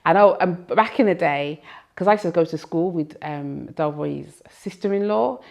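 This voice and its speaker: A woman's voice: lowish voice, moderate pace, vocal fry, a little mellow. A woman chatting as she reminisces in an interview.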